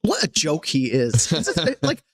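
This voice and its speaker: Guy hosting a politics podcast, high voice that bounces all over, jokey and sarcastic. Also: unhurried, slightly rough. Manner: animated, joking, sarcastic, reads chat aloud. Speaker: podcast host. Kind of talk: casual political commentary chat.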